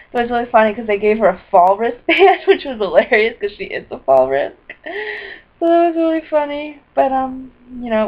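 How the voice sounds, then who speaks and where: A woman talking into her computer's webcam in a rambling video diary, scattered and apologetic, with bursts of excitement. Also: medium pitch. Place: indoors at a computer. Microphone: built-in computer webcam mic. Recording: dull lo-fi webcam audio.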